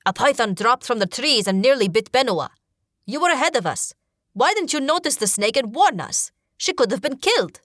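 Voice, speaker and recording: A woman narrating an audiobook voices a loyal, protective male warrior companion who talks formally and sternly, pitching her voice above her natural one. The delivery is slightly high and a bit bright, with wide pitch swings at a normal speed, captured in clean studio sound with no room noise.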